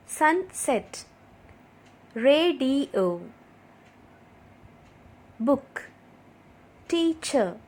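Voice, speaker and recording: A woman teaching a poetry lesson to children in a clear, patient way. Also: on the high side. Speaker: English teacher. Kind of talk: scripted video lesson.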